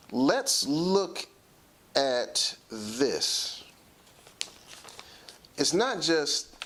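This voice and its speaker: A man hosting a talk show, giving a lecturing, emphatic commentary and slowing down to stress his points. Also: medium pitch, fairly bright tone, slight background noise.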